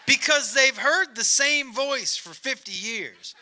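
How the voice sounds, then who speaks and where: High-voiced, animated stand-up comedian man. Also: slow, few pauses. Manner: animated, profane, laughing through punchlines. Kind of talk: stand-up storytelling.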